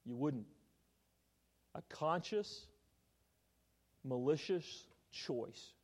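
Lively, animated man preaching a sermon. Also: a little high, a little slow, long pauses. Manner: animated storytelling, quizzing the congregation. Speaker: pastor.

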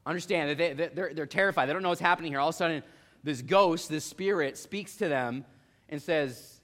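Speaking fairly quickly in a voice on the high side, a young preacher delivers an expository sermon. He brings the story to life by performing the voices of the people in it.

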